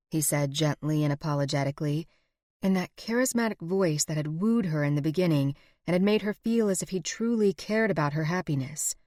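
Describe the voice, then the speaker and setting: Low-voiced woman reading a romance story, steady and even, dry close mic. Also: normal speed, dry recording. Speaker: audiobook narrator. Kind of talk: scripted romance narration.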